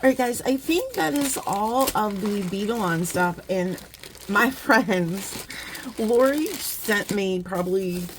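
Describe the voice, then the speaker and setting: A middle-aged woman talks her way through a craft unboxing in a loose, rambling chat. She laughs often and turns emotional easily, at an ordinary mid pitch, with faint noise behind her. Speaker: beading vlogger.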